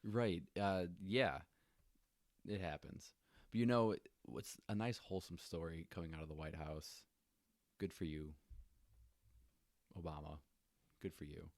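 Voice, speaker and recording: Young male podcast co-host, very low voice, dry close sound, casual joking storyteller. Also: unhurried, long pauses, no echo. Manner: relaxed, jokey, many fillers.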